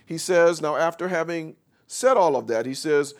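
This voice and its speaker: Guy preaching, slightly high voice, slow scripture reading that builds louder with amen? callouts. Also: animated. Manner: call-and-response with the congregation; reads scripture slowly then explains, rising louder and higher. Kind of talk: sermon.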